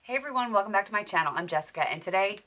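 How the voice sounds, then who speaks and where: A woman's voice: mid-range voice, expressive, very fast, over loud music. A woman chatting through a makeup tutorial as a beauty vlogger, while losing her voice. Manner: chatty and self-deprecating, thinks aloud. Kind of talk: casual makeup tutorial chat.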